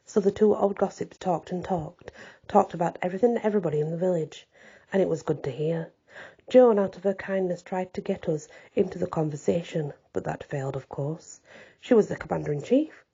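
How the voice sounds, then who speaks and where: A woman reads a classic novel aloud in a measured, old-fashioned storytelling manner. Her voice is very dark and mellow with a husky grain. The recording is dull and lo-fi. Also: on the low side. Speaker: audiobook reader. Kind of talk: scripted narration.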